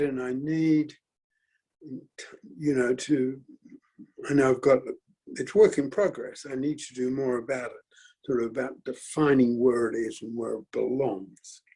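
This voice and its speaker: A middle-aged man giving a reflective talk at his forum, speaking haltingly with many fillers and restarts. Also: mid-range voice, a little mellow, husky, rough recording. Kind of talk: reflective talk, thinking aloud.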